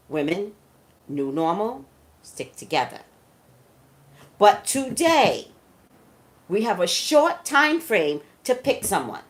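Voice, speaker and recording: A woman, a psychic reader, talking emphatically straight to her viewers in casual live-stream commentary. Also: medium pitch.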